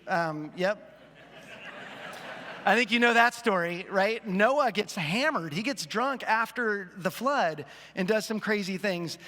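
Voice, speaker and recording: A man's voice: high voice, a bit bright. A man in his fifties, a pastor telling a self-deprecating story in a sermon to his church. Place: church auditorium. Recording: long hall reverb.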